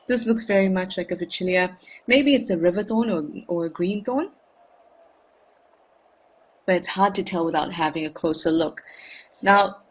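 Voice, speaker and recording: A woman's voice: mid-range voice, breathy edge, lo-fi sound. A woman hosting a live wildlife cam show, chatting enthusiastically and reading out viewer comments.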